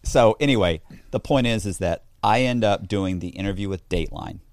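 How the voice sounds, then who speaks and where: A man's voice: on the low side, a little fast, no room sound, clean studio sound. A man telling a story in a casual interview, acting out the voices of the people he quotes. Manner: animated, acts out quoted voices. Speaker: interview guest.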